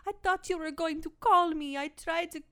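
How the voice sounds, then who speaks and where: A woman voicing a clingy young woman who begs her boyfriend for attention, in a breathy, lovesick way. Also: very high voice, fairly even intonation, normal speed, pushed and bright, pitched above the performer's own voice. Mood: pleading.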